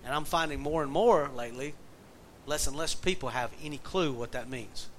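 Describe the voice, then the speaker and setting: A man preaching in an easy, folksy way, his voice sitting a little high for a man. He weaves stories and wry jokes into the message. A faint hiss sits under the recording. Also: moderate pace, fairly bright tone, poor audio. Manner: folksy, storytelling, joking asides. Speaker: pastor and jail minister. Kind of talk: conversational sermon.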